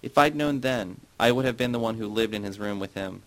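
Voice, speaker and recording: A man's voice: on the low side, fairly quick, a bit bright, poor audio. Man voicing a bitter, wistful middle-aged woman. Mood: confessional.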